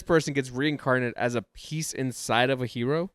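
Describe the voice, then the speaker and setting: A man co-hosting a podcast, chatting casually and getting excited in high bursts. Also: normal speed, clear, resonant tone, no room sound, clean studio sound. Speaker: podcast co-host. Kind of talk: casual chat about anime and manga.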